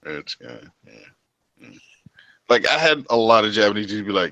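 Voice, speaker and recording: This livestream host from the United States speaks in a lowish voice at normal speed, telling long, profanity-laden stories in relaxed group chat with friends. He's animated and rambling. The recording is dry and rough.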